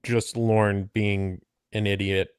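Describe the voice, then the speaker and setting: A male co-host drops dry, deadpan teasing remarks. His voice is fairly low and smooth and sounds dry, with no room around it. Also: takes it slowly, dry recording. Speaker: stream co-host. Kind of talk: casual chat on a stream.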